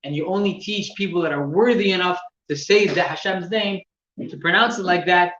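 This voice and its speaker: A man teaching religious laws to a class, explaining step by step with halting repeats and gestures. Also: sits high, a bit bright. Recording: echoey room, distant mic, dull sound with faint noise.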